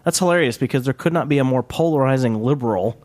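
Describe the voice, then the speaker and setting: A man co-hosting a podcast in casual chat, sarcastic with quick retorts. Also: mid-range voice, a little mellow. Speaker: podcast co-host.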